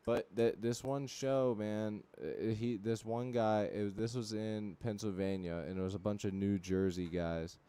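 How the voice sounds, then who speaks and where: A young man hosting a livestream, telling rambling, profane stories full of fillers and reacting to chat with loud disbelief. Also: on the low side, steady tone, unhurried, few pauses, smooth. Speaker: livestream host. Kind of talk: casual chat.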